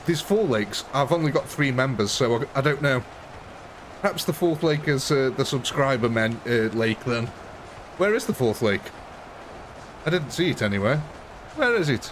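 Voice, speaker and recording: Excitable English man streaming a game. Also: mid-range voice, normal speed, pauses often, a little hiss or hum. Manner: excitable, laughs often, addresses viewers as ladies and gentlemen. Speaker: live stream host. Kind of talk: casual live gaming commentary.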